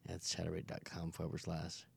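A low-voiced man talking as a podcast guest, and he speaks in long, winding sentences. The recording is dry and close, with no room sound. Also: completely flat delivery, moderate pace, vocal fry, slightly rough, no room sound. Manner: long-winded, wordy answers. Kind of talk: casual chat.

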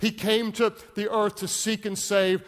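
Man preaching, very high voice, emphatic, repeats lines, long hall reverb. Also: flat delivery, unhurried. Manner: emphatic, repetitive preaching with call-and-response. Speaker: pastor. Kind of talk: sermon.

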